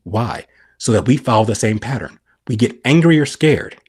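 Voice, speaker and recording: A man's voice: medium pitch, lively intonation, normal speed, a little mellow, husky. A middle-aged man on a podcast explaining scripture, asking and answering his own questions. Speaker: podcast guest.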